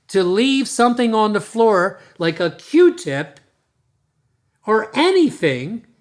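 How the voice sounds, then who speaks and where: A man talks straight to his listeners as a dentist hosting his own podcast. His voice sits a touch high and swings widely in pitch as he stresses his points. He speaks bluntly and emphatically, often restarting his sentences. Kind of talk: podcast monologue on leadership.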